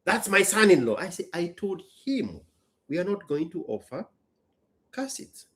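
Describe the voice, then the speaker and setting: A man's voice: high-pitched, big pitch swings, normal speed, a bit bright. A man, a business owner hosting a casual chat, telling a story emphatically and bluntly. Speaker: business owner and show host.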